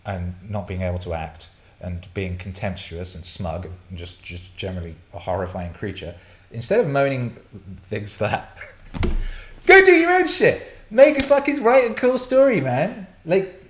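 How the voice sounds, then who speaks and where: A man hosting a casual live stream, reading chat questions and rambling, swearing and laughing often. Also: on the low side. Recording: roomy echo.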